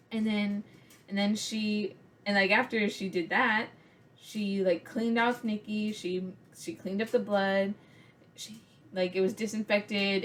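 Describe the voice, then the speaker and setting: A young woman tells a story for her vlog in a loose, rambling way. Her speech is full of "like" fillers and restarts, and her voice sits at an ordinary middle pitch. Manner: rambling, filler-heavy with many likes. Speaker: vlogger.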